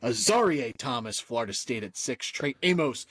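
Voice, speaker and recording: A man co-hosting a sports podcast in casual chat, listing rankings in an easygoing, quick-running way. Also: medium pitch, lively intonation, a bit bright, husky, no echo. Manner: easygoing, lists rankings rapidly. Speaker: podcast co-host.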